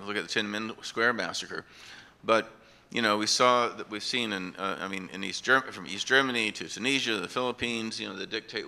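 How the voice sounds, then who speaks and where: Gravelly, bright-toned male panelist. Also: on the low side. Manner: earnest, builds points with examples. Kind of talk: academic panel discussion. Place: conference hall.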